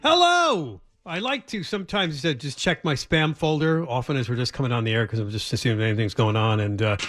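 A man's voice: medium pitch, lively intonation, brisk, fairly bright tone. A man hosting a talk radio show, teasing his co-workers in a wry way, full of uh's. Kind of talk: casual radio banter. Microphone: studio microphone.

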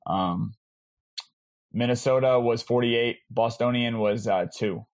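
Male podcast host, relaxed, casual, slightly hesitant delivery of rankings. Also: medium pitch, takes it slowly. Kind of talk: casual chat.

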